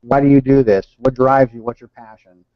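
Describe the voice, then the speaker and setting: A man running an online team training session. He speaks earnestly and haltingly, restarting and repeating words as he goes. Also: mid-range voice, steady tone. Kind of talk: live online training talk. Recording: dull, dry lo-fi call audio.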